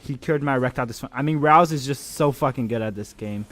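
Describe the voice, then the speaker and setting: On his live stream, a man casually commentates an esports match, cracking jokes, swearing, and breaking into excited shouts. His pitch is medium, his pace quick, with few pauses and no echo.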